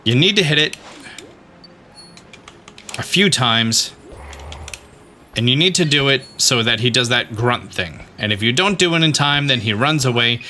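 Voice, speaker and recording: A man's voice: medium pitch, animated, a little slow, pauses often, pushed and bright, slight background noise. A man hosting a game guide, explaining steps and growing exasperated as he talks to the creature on screen. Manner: instructive, repeats "okay?". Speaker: gaming guide host. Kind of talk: game commentary walkthrough.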